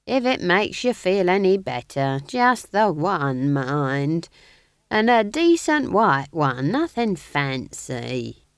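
A woman reading, who puts on a homely old witch, cheerful and folksy. She drawls her words out slowly with a lively lilt. The sound is dry and close. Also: lowish voice, no room sound, pitched above the performer's own voice, heavily acted. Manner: folksy, drawn-out, chuckling.

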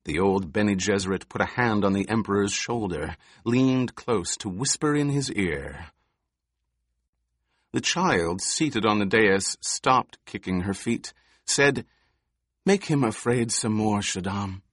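A man narrating an audiobook in a measured, expressive reading. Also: lowish voice, dry recording, studio quality. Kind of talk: scripted narration.

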